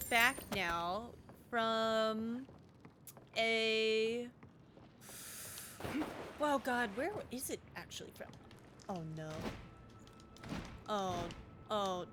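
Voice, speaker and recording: A woman's voice: fairly high pitch, animated, extremely slow, long pauses, noisy background. A young woman with a Southern US accent, chatting casually and bubbly while streaming a game, laughing easily. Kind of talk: casual livestream chat while gaming.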